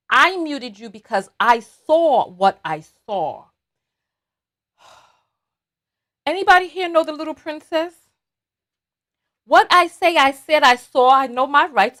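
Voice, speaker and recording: A woman's voice: fairly high pitch, a bit bright. A woman hosting a livestream, chatting animatedly and talking straight to her viewers. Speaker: host. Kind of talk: livestream commentary chat.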